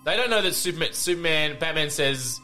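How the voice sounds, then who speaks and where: A man co-hosting a casual podcast about a film, excitable, swearing and laughing often. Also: a little high, brisk, faint music behind. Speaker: podcast co-host. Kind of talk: casual film-review chat.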